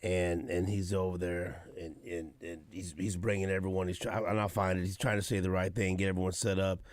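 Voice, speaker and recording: Deep-voiced male sports radio host. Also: brisk, no echo. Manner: animated storytelling, acts out quotes. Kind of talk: casual sports talk.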